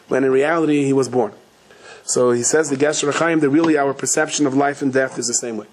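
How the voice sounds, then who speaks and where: Speaking fairly quickly, a rabbi tells stories in his Torah sermon and acts out the quoted voices with animated pitch leaps. His sentences often break off and start over as he corrects himself.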